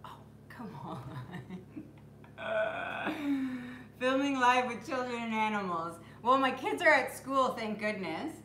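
A woman's voice: fairly high pitch, takes it slowly, a bit bright, reverberant, a little hiss or hum. A woman hosting a live stream from home, chatting casually, greeting viewers by name and cooing at her puppy. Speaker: acrylic pour artist hosting a live stream. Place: home room with the door closed.

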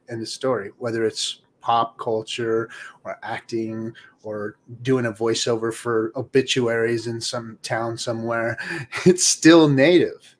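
Emphatic man in a talking circle. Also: medium pitch. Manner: emphatic, repeats points for stress. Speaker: host. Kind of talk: casual panel discussion. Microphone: video call.

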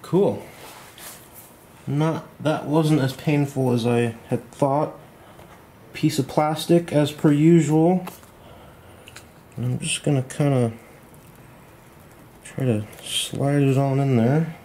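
A man walking through a model glider build at home at night, thinking aloud in a relaxed, self-deprecating way. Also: mid-range voice, slow, pauses often, a little hiss or hum. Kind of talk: hands-on build tutorial.

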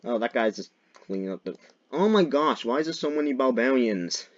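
A young man giving jokey gameplay commentary as a video creator, often breaking into loud, mock-dramatic shouts. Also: medium pitch, animated, fairly quick, lo-fi sound.

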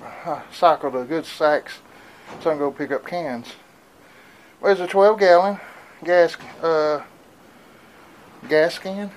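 A man's voice: on the high side, a little hiss or hum, poor audio. A man talking casually to viewers on a phone camera outdoors in his yard, folksy and rambling, a bit out of breath. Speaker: vlogger. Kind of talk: casual vlog narration.

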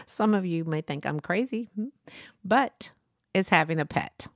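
A woman's voice: fairly low pitch, expressive, a little slow, no room sound, studio quality. Chatty grandmother hosting a podcast. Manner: chatty, rambling, laughs often. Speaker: podcast host. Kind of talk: casual solo podcast talk.

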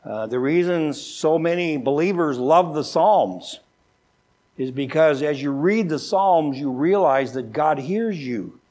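An older man preaching a sermon as a pastor, folksy and joking, who often repeats words and slows down with a lifted voice when he reads scripture. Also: a little high, animated, a little mellow. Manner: slows down and lifts his voice when reading scripture.

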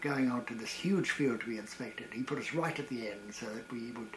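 An elderly man in his eighties, a retired variety performer, reminisces about the war in halting stories full of restarts and chuckles. His voice is mid-range, with some noise in the background.

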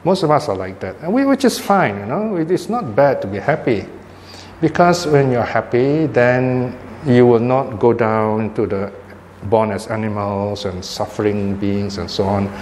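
A man's voice: mid-range voice, expressive, measured pace, a little mellow. An older man, giving an informal Buddhist dharma talk in a conversational manner and checking in with "you know" and "right?". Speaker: Buddhist teacher. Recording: hall reverb, faint ambient noise.

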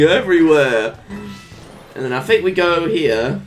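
A let's play commentator giving casual gameplay commentary, humming little made-up tunes, cooing at the game characters like pets and letting out sudden excited yelps and laughs. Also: medium pitch, normal speed, soft background music. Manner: hums little made-up tunes while playing.

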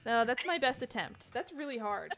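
A woman's voice: high voice, animated, a little fast, sharp tone. A woman hosting a charity game stream in casual chat, giggly and chatty as she reads out donations.

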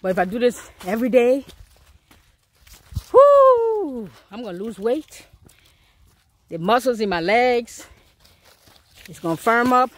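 A vlogger in her fifties hikes up a mountain trail outdoors, out of breath as she chats casually to her phone camera and her dog. Her voice is a little high, at normal speed with frequent pauses, in this casual walking vlog.

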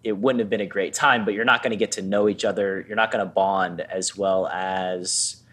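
A man's voice: sits low, fairly even intonation, moderate pace, a bit bright. Reflective male podcast host. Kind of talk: casual interview chat.

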